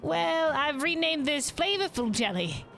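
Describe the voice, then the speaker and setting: A woman's voice: high-pitched, expressive, measured pace, creaky, a bit bright, soft background music, pitched above the performer's own voice, heavily acted. A woman streamer voicing a cheerful young woman who cooks at a hotel, reading game dialogue aloud in an eager, hospitable way. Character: cheerful young woman hotel cook, proud of her dishes.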